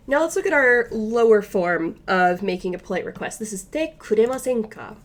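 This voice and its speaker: A woman teaching a recorded language lesson, explaining each point patiently step by step and slowing down for the example phrases. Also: medium pitch.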